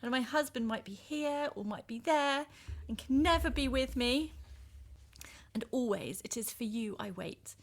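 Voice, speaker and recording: A woman's voice: fairly high pitch, animated, measured pace. A woman performing a passionate, jealous and desperate woman lover in an intense dramatic reading of a verse epic. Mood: brooding. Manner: intense, swings from tender to bitter.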